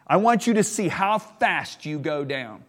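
A middle-aged preacher delivers his sermon with emphasis, stretching out the words that matter and leaping up in pitch when he is stirred. His voice sits a bit high for a man and rings with a long hall reverb. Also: expressive. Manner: emphatic, slows for key words, bursts up in pitch when worked up.

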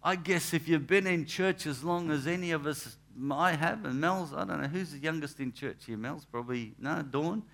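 A man's voice: fairly high pitch, moderate pace, gravelly, few pauses, a bit bright. Chatty man preaching. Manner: chatty, anecdotal, restarts and asides. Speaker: pastor. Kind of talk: conversational sermon. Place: church.

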